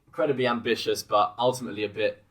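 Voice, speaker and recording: A man's voice: on the low side, steady tone, racing, fairly bright tone. A young British man co-hosting a comedy podcast, chatting casually and playfully reading out social media posts. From Britain. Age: young adult. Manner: playful, reads posts aloud with mock voices. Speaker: podcast co-host.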